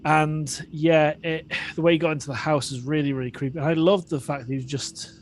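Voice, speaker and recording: A man's voice: on the high side, fairly even intonation, a little fast, a little hiss or hum. A man co-hosting a podcast, musing casually and repeating words as he goes. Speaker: podcast co-host. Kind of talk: casual chat.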